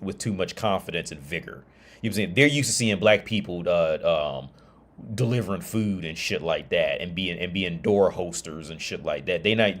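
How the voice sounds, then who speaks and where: An American man in a casual, rambling livestream monologue, swearing freely, laughing often and restarting his sentences. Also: deep voice. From United States.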